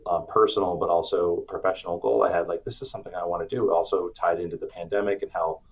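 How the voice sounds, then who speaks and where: A middle-aged man, an author being interviewed, telling personal stories with animated acted-out quotes. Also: low-pitched, fast, slightly rough, poor audio. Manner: animated storyteller, acts out quotes. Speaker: author and guest. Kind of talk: storytelling interview chat.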